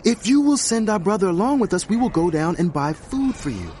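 An urgent, insistent brother in a radio drama. His voice is high for a man and swings widely in pitch, over faint ambient noise. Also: very animated, fairly quick, darkish tone. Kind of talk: audio drama acting.

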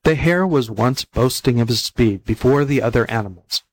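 A man's voice: medium pitch, moderate pace, dry recording. A man reading an audiobook introduction and fable in a plain announcing manner. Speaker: volunteer reader.

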